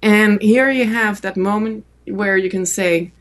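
A woman's voice: mid-range voice, measured pace, few pauses, a bit bright. A woman from France with a French accent, an interview guest telling a long story with many fillers and restarts. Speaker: podcast guest.

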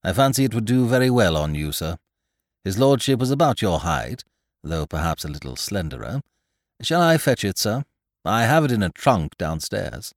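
A man voicing a stiff, formal older landlord who speaks in a grave, deferential, measured way. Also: on the low side, very animated, no room sound, clean studio sound. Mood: solemn.

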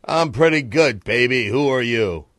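A man's voice: medium pitch, lively intonation, measured pace, fairly bright tone, no room sound, studio quality, voice pushed up. A man doing a swaggering impression of a famous older male crooner in an improv comedy sketch. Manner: swaggering, slangy.

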